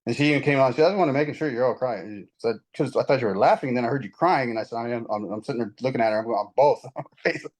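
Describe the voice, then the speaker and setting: A man in casual spiritual conversation, telling his story in a rambling, animated way with many restarts. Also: mid-range voice, racing, low-quality recording. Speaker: guest.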